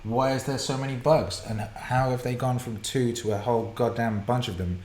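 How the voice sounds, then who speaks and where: A man hosting a live viewer Q&A broadcast from a home studio, excitable and profane, laughing and rambling as he reads out questions. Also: mid-range voice, moderate pace, reverberant, a little hiss or hum. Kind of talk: casual live-stream chat, reading viewer questions.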